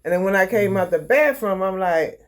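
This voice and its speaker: A woman in her sixties with a Baltimore accent, lively and dryly humorous as she tells a family story. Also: medium pitch, normal speed. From Baltimore, Maryland. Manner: lively storyteller, animated quoting, dry humor. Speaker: vlogger's mother. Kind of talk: storytelling in casual chat.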